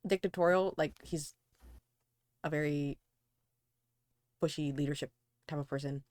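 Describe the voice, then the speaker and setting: A woman's voice: sits low, fairly even intonation, measured pace, a little mellow. A woman reading a novel aloud for a casual book club, giggly between passages. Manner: giggly, reads long passages. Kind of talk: casual read-aloud and chat.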